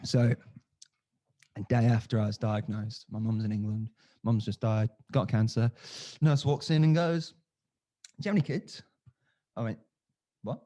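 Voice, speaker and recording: A man's voice: on the low side, fairly even intonation, unhurried, dark tone. A man in his twenties, a podcast guest, telling a story with crude humor and acting out the other voices. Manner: candid, crude humor, acts out quoted voices. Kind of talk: casual storytelling.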